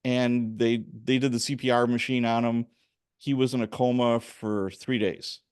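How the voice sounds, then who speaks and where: A man's voice: mid-range voice, moderate pace, clear, resonant tone. Man telling stories on a podcast. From Chicago area. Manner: animated storyteller, acts out quoted voices. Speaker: podcast host. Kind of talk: casual interview conversation.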